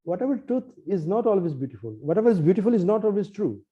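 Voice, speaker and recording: Talkative poet guy, slightly high pitch, acts out the voices, kinda muffled recording. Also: fast. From Nepal. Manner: lively, acts out quoted dialogue, many restarts. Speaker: poet and translator. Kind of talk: animated storytelling in conversation.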